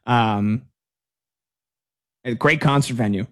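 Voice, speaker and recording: A man's voice: mid-range voice, slow. A man in his thirties hosting a sports talk radio show, chatting casually and rambling through stories with restarts. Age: 30s. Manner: rambling, storytelling with many restarts.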